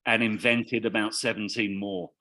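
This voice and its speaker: Male actor guest, northern English, low register, wry and reflective. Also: fairly even intonation, pushed and bright. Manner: wry, self-deprecating, thoughtful with pauses. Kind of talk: casual interview chat.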